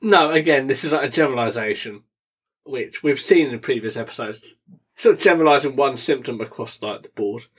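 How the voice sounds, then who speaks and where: A man's voice: mid-range voice, a little fast, husky. A young man co-hosting a casual podcast chat, joking and laughing often as he talks. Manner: jokey, laughs often, lively delivery. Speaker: podcast co-host.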